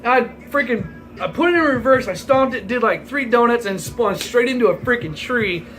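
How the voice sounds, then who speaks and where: A man's voice: very high voice, animated, normal speed, a bit bright, poor audio. A man in his forties telling a rambling, profane story in a casual vlog, laughing as he goes. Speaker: vlogger.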